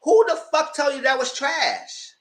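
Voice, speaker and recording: A man's voice: very high-pitched, big pitch swings, measured pace, fairly bright tone. A man giving a casual live review of a reality TV show, retelling scenes with exasperation and cursing.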